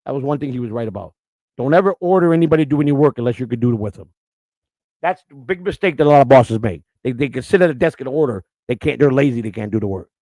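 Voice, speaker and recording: A middle-aged man telling stories in a blunt, profane, casual way, with fast run-on sentences and restarts. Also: medium pitch, animated, dark tone, dry recording, rough recording. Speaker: storyteller recalling his work. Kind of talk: casual storytelling.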